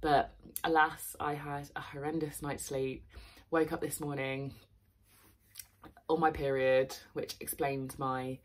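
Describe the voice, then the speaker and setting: A young woman talks straight to her camera at home in a low, husky voice. She sounds worn out and low on energy, rambling candidly with plenty of fillers and the occasional swear word. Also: little pitch movement, takes it slowly. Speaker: fitness vlogger. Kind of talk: casual vlog chat. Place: at home, indoors.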